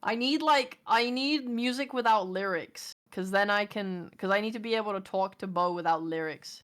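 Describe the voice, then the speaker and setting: A woman's voice: medium pitch, moderate pace, fairly bright tone. A woman streaming from home, chatting casually, ranting and swearing as she talks to her chat.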